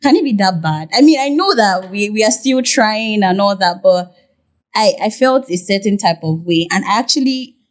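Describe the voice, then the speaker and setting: A woman's voice: medium pitch, normal speed. A woman with a Nigerian accent, a podcast guest talking casually and telling stories animatedly, with many fillers and restarts. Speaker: podcast guest, content creator and Korean interpreter. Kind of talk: casual interview talk.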